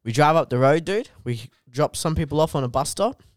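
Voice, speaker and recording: Rambling sweary Australian bloke. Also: male voice, fairly high pitch, brisk, no room sound, clean studio sound. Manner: rambling, sweary, says "dude" constantly; animated, laughs through own story. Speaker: comedian guest. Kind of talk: casual podcast storytelling.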